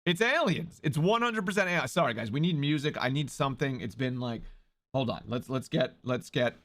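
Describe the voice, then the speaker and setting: Loud excitable man streaming live. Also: mid-range voice, a little fast. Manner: loud, excitable, swearing, shouting out to chat. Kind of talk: casual live-stream chat.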